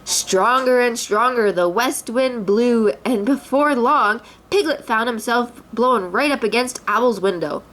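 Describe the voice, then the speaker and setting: A woman's voice: a little high, a little slow, few pauses, fairly bright tone. A woman reading a children's story aloud expressively, a mother voicing the characters.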